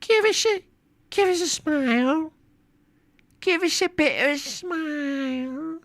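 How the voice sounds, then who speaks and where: A squeaky mock-British street beggar. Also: male voice, slow, fairly bright tone, dry recording, heavily acted. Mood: wheedling. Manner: wheedling, repetitive begging. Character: high-pitched cockney-style male street beggar, pleading.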